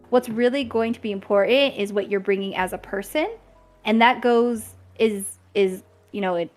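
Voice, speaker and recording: A woman chatting casually as a guest on a creator talk stream, upbeat and quick to laugh while giving encouraging advice. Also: mid-range voice. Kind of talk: casual chat.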